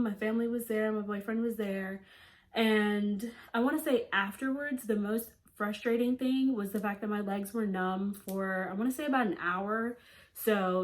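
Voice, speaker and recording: A young woman vlogger telling a personal story in a chatty, casual way, full of "like" fillers and quoted lines. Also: medium pitch. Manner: chatty, frequent "like" fillers, animated quoting. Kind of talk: storytime vlog.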